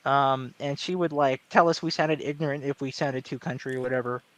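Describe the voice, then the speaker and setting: A man speaking in an articulate, measured way during a casual panel chat, with no regional accent. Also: medium pitch, steady tone, a bit bright. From American South. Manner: articulate, measured, with many fillers and restarts. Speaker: panel guest.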